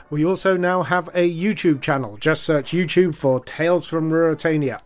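A man reading a podcast's closing credits in a plain, friendly way. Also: on the high side. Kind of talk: scripted outro announcement.

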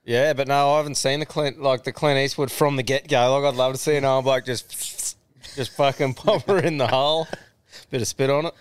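A man's voice: medium pitch, steady tone, a little fast, clear, resonant tone, no echo. A male podcast co-host chatting in casual, sweary banter and laughing often.

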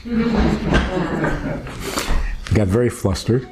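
A man's voice: fairly low pitch, huge pitch swings, slow pace, noisy background. A man speaking as a rabbi, giving a teaching talk in a conversational, wry way with stories woven in.

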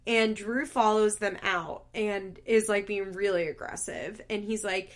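Chatty woman retelling a story, lots of "like", laughs a lot, super animated. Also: mid-range voice, normal speed, hardly any pauses. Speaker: show recapper. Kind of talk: casual chatty recap.

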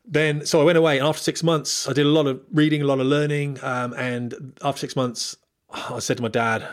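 A man talks straight to his viewers at a brisk clip, sharing blunt career advice from his flying days. His delivery is candid and rambling, full of fillers, restarts and asides. His voice sits in an ordinary middle register. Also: mid-range voice, steady tone. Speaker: former military pilot giving career advice. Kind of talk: casual monologue to viewers.

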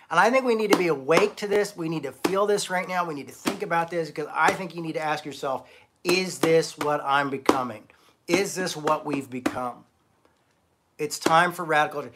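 A man's voice: a little high, fairly bright tone. A middle-aged man preaching an informal, conversational sermon as pastor of an online church, blunt and emphatic, with casual swearing and self-deprecating humor.

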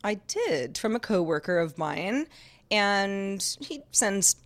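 A woman's voice: medium pitch, sing-song, slow pace. A woman co-hosting a podcast in casual chat, rambling cheerfully and laughing often. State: sore shoulder. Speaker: podcast co-host.

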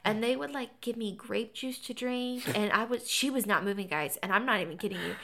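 A young woman on a podcast, chatting casually and telling a birth story with animated acted-out quotes. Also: a little high, a little fast, vocal fry. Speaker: podcast co-host.

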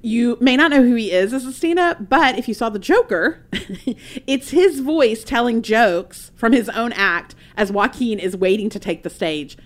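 Animated, high-voiced woman podcast host. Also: moderate pace. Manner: emphatic, animated, mock-indignant. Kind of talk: casual pop-culture chat.

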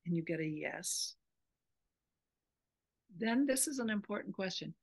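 A woman's voice: mid-range voice, lively intonation, measured pace, gravelly, breathy edge. A woman spiritual teacher in an interview, earnestly explaining a meditation practice step by step.

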